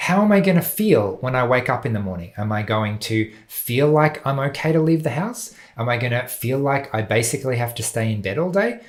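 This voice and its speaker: A man speaks straight to his viewers in a reflective, unhurried vlog. His voice sits in an ordinary middle register, and his delivery is measured and thoughtful. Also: medium pitch. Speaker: vlogger. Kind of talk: reflective personal talk to camera.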